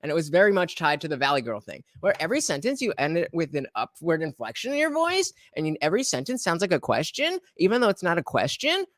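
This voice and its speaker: A man's voice: a little high, big pitch swings, fast talker, hardly any pauses, fairly bright tone, dry recording, studio quality. A man hosting a livestream reaction, talking in a rambling casual way with many fillers and restarts.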